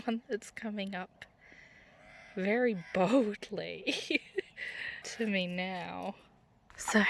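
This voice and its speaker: A young Australian woman narrates her travels at an unhurried pace, her pitch sitting in an ordinary middle register. She speaks in a laid-back, chatty way and keeps slipping into soft whispers as she walks the trails outdoors, recording on her own camera. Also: slight background noise. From Western Australia. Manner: relaxed, chatty, often drops to a hushed whisper. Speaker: travel vlogger. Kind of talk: casual travel vlog narration. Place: outdoors on walking trails and a hillside. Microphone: handheld camera.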